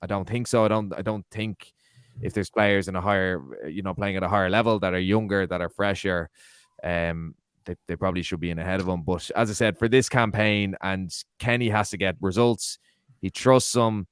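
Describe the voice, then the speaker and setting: A man's voice: low voice, fairly even intonation, brisk, clear, resonant tone, no room sound. An Irish man in a casual football chat, laying out his arguments point by point. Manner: analytical, lays out arguments point by point. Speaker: podcast co-host.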